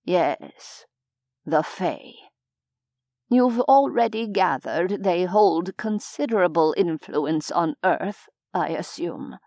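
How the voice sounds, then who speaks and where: A woman voicing a courteous, formal gentleman in an audiobook, measured and gently lecturing. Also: lowish voice, expressive, vocal fry, no echo, studio quality, full character voice. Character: genteel, courteous older gentleman scholar. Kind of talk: audiobook character voice.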